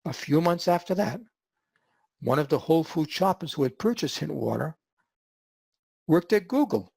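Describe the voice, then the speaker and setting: A man hosting a podcast and telling a story in an animated way, acting out the quotes. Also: fairly high pitch, moderate pace, creaky, slightly rough, no echo. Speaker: podcast host.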